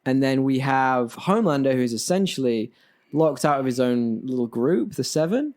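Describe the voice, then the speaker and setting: A man's voice: mid-range voice, lively intonation, normal speed, darkish tone. Enthusiastic man co-hosting a podcast. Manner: enthusiastic, steers the conversation. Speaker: podcast co-host. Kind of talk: casual chat.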